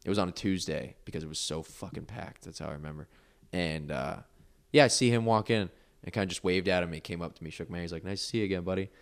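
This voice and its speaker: A man's voice: low voice, quick pace, creaky. A young man, a podcast guest, telling a long casual story full of "like" and "you know.". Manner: rambling, filler-heavy storytelling with lots of "like".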